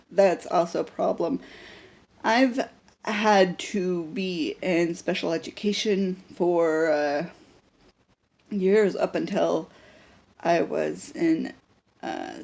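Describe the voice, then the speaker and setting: A woman's voice: lowish voice, fairly even intonation, takes it slowly, vocal fry, pauses often, darkish tone. A young woman talking unscripted to a handheld camera in a personal vlog, rambling with lots of fillers and restarts. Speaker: vlogger.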